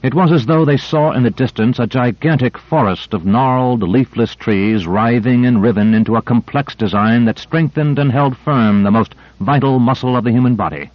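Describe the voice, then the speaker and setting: A man narrates an audiobook in a steady, measured reading voice of middle pitch. The recording is dull and lo-fi, close and dry. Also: no echo. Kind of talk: scripted narration.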